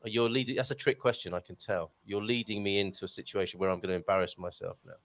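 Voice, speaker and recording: A man's voice: lowish voice, fast, hardly any pauses. A man hosting a live-stream chat, joking and poking fun at himself as he reads out viewer questions. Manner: joking, self-mocking, lively banter. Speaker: show host.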